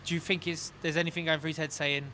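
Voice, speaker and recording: A man hosting a boxing show, a former boxer himself, asking chummy, quick questions in a casual interview. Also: on the high side, little pitch movement, pushed and bright, a little hiss or hum.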